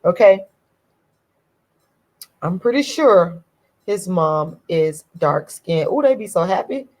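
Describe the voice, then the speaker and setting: A woman's voice: fairly low pitch, lively intonation, slow, darkish tone, rough recording. Indignant woman ranting to her viewers. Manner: emphatic, repeats phrases, talks straight to her viewers. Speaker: vlogger. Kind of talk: ranting video commentary.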